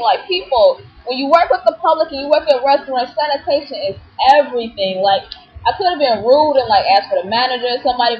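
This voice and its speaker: Casual vlogger, woman, higher register, animated and indignant, muffled webcam sound. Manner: animated, indignant storytelling with many fillers. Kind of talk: casual vlog rant. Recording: dull lo-fi webcam audio with faint hiss.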